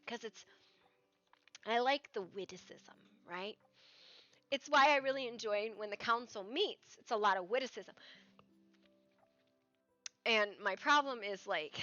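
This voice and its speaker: A woman's voice: fairly high pitch, lively intonation, unhurried, pauses often, a bit bright, no room sound. A woman live streamer in casual chat from a room at home, chatty and profane, slipping into coaxing baby talk with her dog. The audio is dull and lo-fi with faint music.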